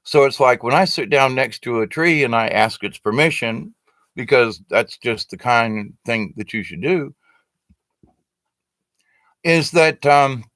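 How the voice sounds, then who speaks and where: A man's voice: medium pitch, lively intonation, a little slow, fairly bright tone, dry recording. A man giving a casual, rambling spoken teaching to a live stream audience, talking to his webcam with many fillers and restarts. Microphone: webcam facing the speaker.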